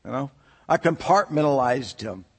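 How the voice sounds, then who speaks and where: A man's voice: medium pitch, normal speed, slightly rough, long reverb tail. A man preaching a sermon in a church, telling a personal story with laughs. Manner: storytelling, animated, laughs often.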